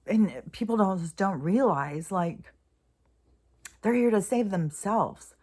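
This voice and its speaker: A woman talking through her spiritual thoughts in a casual, rambling way, full of pauses and restarts, sometimes dropping to a soft whisper. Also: mid-range voice, animated, slightly rough. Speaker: spiritual vlogger.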